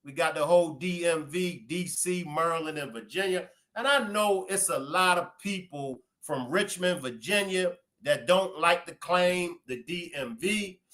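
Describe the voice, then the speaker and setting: Baltimore-accented man, stream host, chatty shout-outs, slightly high voice. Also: measured pace, few pauses. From Baltimore, USA. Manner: chatty, greeting viewers by place.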